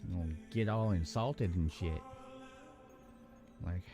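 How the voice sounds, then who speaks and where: A man's voice: on the low side, moderate pace, long pauses, mellow, faint music behind. Casual rambling man hosting a stream. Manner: rambling, self-interrupting, swears casually. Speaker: live-stream host building model kits. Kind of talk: casual live-stream chat.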